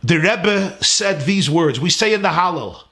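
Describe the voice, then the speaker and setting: A man with a fairly high voice delivers a heartfelt class as a rabbi, recorded at home. He talks with steady conviction, pressing each point by listing words in a climbing cadence. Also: unhurried. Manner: earnest, emphatic, lists words in rising cadence. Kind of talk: sermon-style class. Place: his home.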